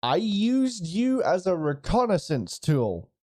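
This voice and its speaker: Casting note: a man playing a slow-talking, sardonic dragonborn warrior with a dark, mellow voice. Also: high-pitched, very animated, voice pushed up, full character voice. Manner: measured and dry, swears casually. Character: blunt male blue dragonborn warrior, sardonic.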